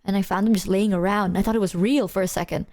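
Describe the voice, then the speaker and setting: A woman's voice: medium pitch, fairly even intonation, fast talker, darkish tone. A young woman streaming as a VTuber, chatting casually with viewers in a rambling, slangy, self-mocking way and laughing often.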